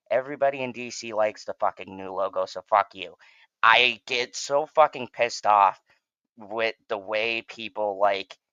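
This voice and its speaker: A man's voice: mid-range voice, a bit bright, smooth, no echo, dull audio. A man hosting a fan channel, giving a heated and profane reaction commentary.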